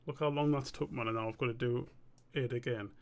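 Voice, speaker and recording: A young man thinks aloud while drawing on a live stream, muttering to himself and questioning his own choices in a relaxed way. His voice is mid-range, brisk, and creaky.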